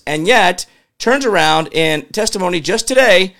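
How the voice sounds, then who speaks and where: Animated ranting male commentary host. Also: sits high, moderate pace. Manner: ranting, exasperated, asks the audience questions; mutters to himself while working a computer. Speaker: show host. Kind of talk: political commentary.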